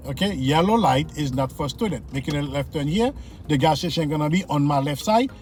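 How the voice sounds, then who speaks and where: A man's voice: on the high side, a little mellow. A man, a driving instructor, talking viewers through city traffic from inside his car, repeating his points and checking they follow. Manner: repetitive, coaching, speaks straight to viewers. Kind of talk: casual in-car driving lesson commentary.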